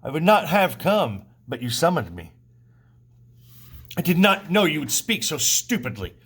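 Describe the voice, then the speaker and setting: A teacher reading a stern blind old prophet. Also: male voice, on the high side, big pitch swings, a little slow, a bit bright, husky, exaggerated voice. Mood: bitter. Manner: grave, warning reading. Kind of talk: reading a play aloud.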